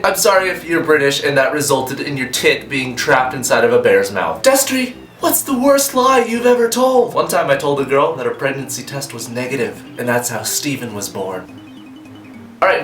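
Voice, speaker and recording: A goofy young man answers fan questions in a casual comedic vlog, sarcastic and quick with jokes. His voice sits a bit high. The room is echoey, with faint music underneath. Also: fairly bright tone.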